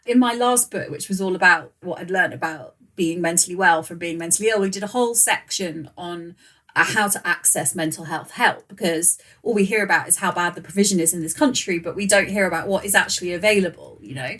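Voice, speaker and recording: A woman's voice: fairly low pitch, fairly quick, a bit bright. A woman from England hosting a podcast interview, encouraging her guest. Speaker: podcast host.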